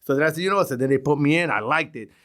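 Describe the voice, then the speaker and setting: A middle-aged man from Brooklyn with a New York accent, telling stories as a podcast guest, animated and full of restarts. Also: fairly high pitch, rapid-fire. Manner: animated, restarts a lot, acts out quotes. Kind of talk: casual storytelling interview.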